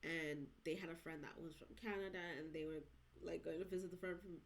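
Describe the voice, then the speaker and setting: A woman's voice: sits low, steady tone, fairly quick, low-quality recording. A young woman vlogging, telling a casual, rambling story to camera with slangy asides.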